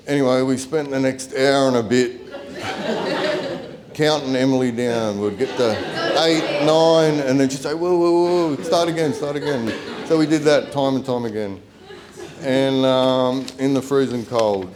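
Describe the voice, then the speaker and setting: A man's voice: mid-range voice, unhurried, crowd noise. A middle-aged Australian man, the groom's father, giving a chatty, self-deprecating wedding speech at a reception.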